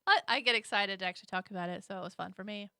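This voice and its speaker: A woman co-hosting a podcast in casual chat, laughing often and giving steady supportive backchannel. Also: medium pitch, very fast, vocal fry, clear, resonant tone, no room sound, clean studio sound. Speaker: podcast co-host.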